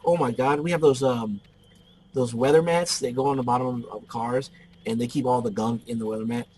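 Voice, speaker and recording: A man's voice: medium pitch, a little mellow, slight background noise, rough recording. A man giving casual gameplay commentary, rambling off into joking stories as he plays.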